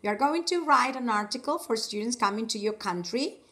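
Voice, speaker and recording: Woman, English teacher, fairly high voice, checks in with "yes, okay?", echoey room, distant mic. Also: animated, moderate pace, fairly bright tone. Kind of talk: online class instruction.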